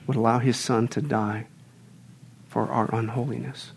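A man preaching a sermon as a pastor, swinging between loud outbursts and hushed, whispered lines. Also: medium pitch, flat delivery, a little slow, vocal fry, a little hiss or hum.

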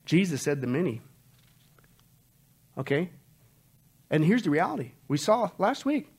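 Male pastor, sermon, high voice, very lively pitch, loud bursts and hushed drops. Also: a little slow, breathy edge. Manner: animated preaching, swinging from loud emphatic outbursts to low hushed warnings. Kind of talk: expository sermon. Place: church service.

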